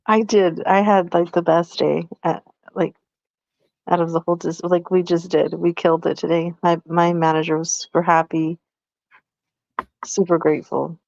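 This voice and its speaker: A woman's voice: fairly low pitch, little pitch movement, normal speed, gravelly, a little mellow, no room sound, highs cut off. A woman co-hosting a casual live podcast, chatty and playful, leaning on lots of "like" fillers. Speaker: podcast co-host. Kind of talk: casual live-stream chat.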